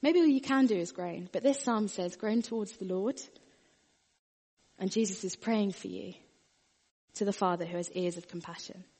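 A woman preaching a sermon, earnest, often dropping her voice very soft and quiet. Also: medium pitch, fairly quick, breathy edge, in a large hall.

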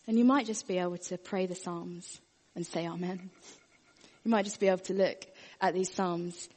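A woman preaching a sermon, earnest, often dropping her voice very soft and quiet. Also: fairly low pitch, fairly even intonation, fairly quick, in a large hall.

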